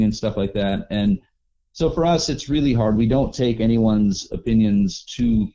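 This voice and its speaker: Male guest, easygoing storyteller; lowish, dark, mellow tone. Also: unhurried. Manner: relaxed, rambling with restarts and acted-out quotes. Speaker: overland traveler guest. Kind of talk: casual storytelling interview.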